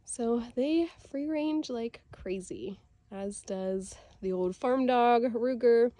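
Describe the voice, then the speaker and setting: A woman's voice: a little high, takes it slowly, mellow. A woman chatting casually on a homestead vlog, slightly out of breath, recorded outdoors on a handheld camera. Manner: chatty, bubbly, laughs easily. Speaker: homesteading vlogger. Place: outdoors on a farm, by a chicken coop.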